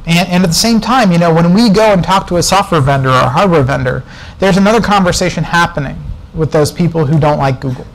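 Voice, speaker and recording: A man's voice: fairly high pitch, lively intonation, quick pace, poor audio. A man speaking as a guest speaker at a developer meetup, telling a casual, digressive story with asides and jokes. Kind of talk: conference talk, anecdotal storytelling. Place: presentation room before an audience.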